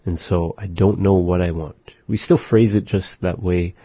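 A man's voice: low voice, steady tone, warm tone, husky, no echo. A man hosting a radio language lesson, patiently saying phrases and explaining their meanings. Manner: slow, patient, repeats phrases. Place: radio studio.

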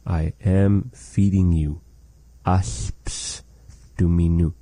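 A man's voice: low-pitched, fairly even intonation, very slow, dark tone, dry recording. A man teaching a language lesson, patiently explaining phrases and repeating words.

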